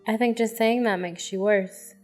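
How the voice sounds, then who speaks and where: Earnest young female therapist, voiced by the woman reading; calm, steady. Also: a little high, normal speed, soft background music, lightly acted.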